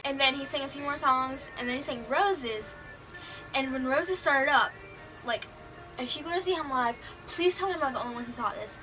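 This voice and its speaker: A young woman telling an excited concert story in a vlog, gushing and filling her talk with "like" as she acts out what people said. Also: high voice, rough recording. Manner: gushing, heavy use of "like", acts out quotes. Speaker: concert fan vlogger. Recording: music playing clearly behind her.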